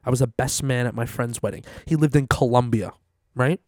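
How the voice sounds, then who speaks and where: A man's voice: medium pitch, fairly quick, dry recording, studio quality. A man telling a story in casual chat, swearing a lot and acting out his lines. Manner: swears a lot, animated retelling. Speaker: storyteller guest.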